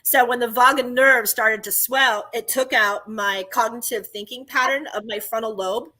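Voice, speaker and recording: A woman's voice: a little high, steady tone, moderate pace, sharp tone. A woman telling her own story in casual chat, emphatic and exclaiming at times.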